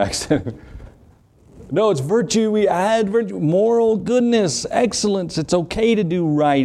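A middle-aged man with a Southern US accent preaching a sermon in an earnest, conversational way, with quick asides to the congregation. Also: a little high, dark tone. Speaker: pastor.

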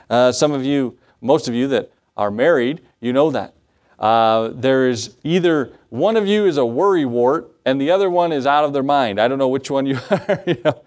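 A man's voice: fairly high pitch, lively intonation, moderate pace. A middle-aged man, a pastor, preaching a sermon that moves between scripture reading and folksy personal stories.

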